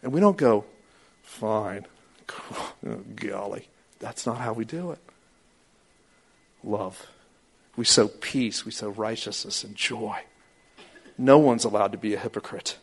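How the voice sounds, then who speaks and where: A man preaching a sermon as pastor, talking animatedly and acting out quoted voices with sudden high outbursts. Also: measured pace, pauses often, slightly rough.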